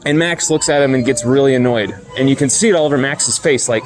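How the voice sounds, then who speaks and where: A man's voice: medium pitch, fast talker, hardly any pauses, slight background noise. A man hosting a sports commentary show, delivering a blunt, heated, profane opinion rant and repeating his points for emphasis.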